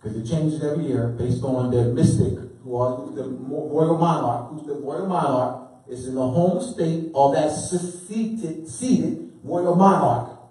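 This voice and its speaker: A man's voice: on the high side, unhurried, mellow. A man lecturing to a live audience, quizzing them call-and-response style and repeating key words with emphasis. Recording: very echoey room, mic far off.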